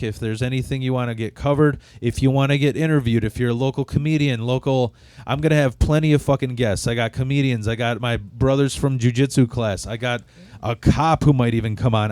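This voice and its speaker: A man's voice: medium pitch, darkish tone, smooth, dry recording. Profane man telling comic stories. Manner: profane, rambling comic storytelling. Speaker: podcast host. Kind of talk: casual storytelling chat. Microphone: studio microphone.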